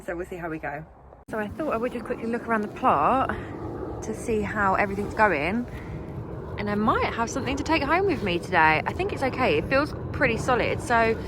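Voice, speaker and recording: An allotment vlogger, a woman with a medium-pitched voice, chats casually to camera from her outdoor allotment plot. She's chatty and self-deprecating with many ums, and the outdoor camera audio picks up noise.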